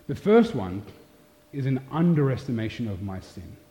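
A man's voice: mid-range voice, very animated, moderate pace, warm tone. A pastor giving a sermon, telling a candid, self-deprecating story from his own life. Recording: long hall reverb, dull sound.

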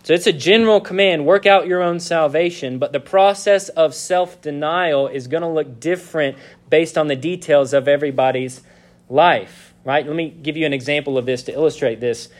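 A male pastor preaching a sermon, reading scripture slowly and leaning on key words. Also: fairly high pitch.

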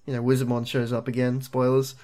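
A podcast host in casual chat, animated and joking. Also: mid-range voice, a little fast.

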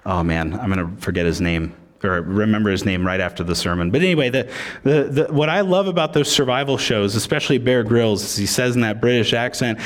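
A man's voice: fairly low pitch, a little fast. A man preaching a sermon as pastor, conversational and joking.

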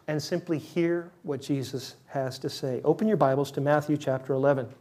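Guy preaching a sermon, kinda high voice, chatty but punchy, leans on repeated words. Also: fairly even intonation, a little fast, a little mellow. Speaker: pastor.

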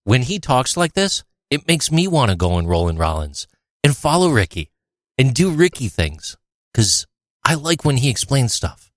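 A man's voice: medium pitch, sing-song, moderate pace, dry recording, studio quality. A man hosting a podcast, talking enthusiastically in a rambling, teasing way while praising his guest. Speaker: podcast host. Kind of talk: casual podcast chat.

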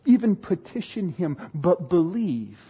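A man preaching a sermon, swinging from loud dramatic retelling to hushed emphasis. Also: sits high, very animated, measured pace, husky, dull audio. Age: adult parent. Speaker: pastor.

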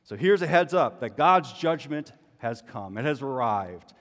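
A man's voice: medium pitch, lively intonation, measured pace, a bit bright. A man giving a sermon as a pastor, conversational and full of rhetorical questions. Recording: long hall reverb.

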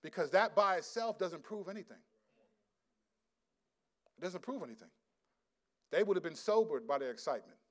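Male pastor, fairly high pitch, lively slangy sermon with frequent laughter. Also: normal speed, pauses often. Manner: animated storytelling, laughs often, slangy.

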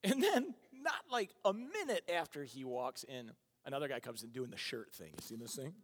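Animated pastor preaching in a hall. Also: male voice, mid-range voice, moderate pace. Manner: animated, acts out quotes, laughs at his own stories. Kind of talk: sermon with storytelling. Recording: long reverb of a hall.

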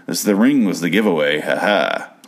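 A man's voice: sits low, lively intonation, moderate pace. A man casually recapping a show's episode, profane and incredulous, prone to rambling rants.

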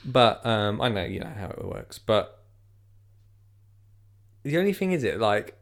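Gravelly man chatting casually. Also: fairly low pitch, normal speed, pauses often. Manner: rambling, jokey, lots of fillers. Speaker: podcast host. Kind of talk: casual chat.

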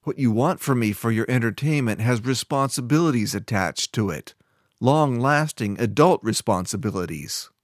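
A man's voice: medium pitch, animated, normal speed, no echo, studio quality, close to an everyday voice. A man doing a confident young country lad. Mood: earnest. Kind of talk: audiobook character voice.

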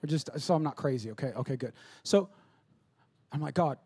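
A man's voice: mid-range voice, lively intonation, brisk, darkish tone, husky. A male pastor preaching a live sermon in a church, speaking emphatically and repeating his points to the congregation. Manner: emphatic and repetitive, exhorting the congregation.

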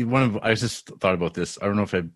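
A man's voice: on the low side, quick pace, fairly bright tone, no echo, studio quality. A man hosting a podcast in casual chat, hesitant and self-deprecating. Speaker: podcast host.

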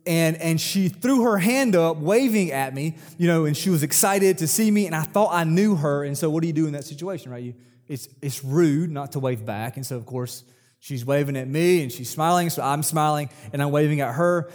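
A man's voice: a little high, normal speed, a little mellow. A male pastor giving a conversational sermon, telling personal stories and growing emphatic when quoting. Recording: long hall reverb.

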